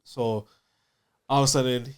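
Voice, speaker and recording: A man's voice: medium pitch, fairly even intonation, unhurried, clear, resonant tone. A man co-hosting a parenting podcast, talking in a rambling, casual way about his son. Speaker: podcast co-host, father. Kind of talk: casual chat.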